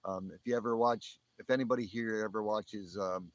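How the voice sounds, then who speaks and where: A man's voice: fairly low pitch, steady tone, fairly quick, low-quality recording. A man from the northern United States near the Canadian border, rambling casually on his live stream and chuckling as he talks. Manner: rambling, chuckles often, restarts sentences. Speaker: livestream host.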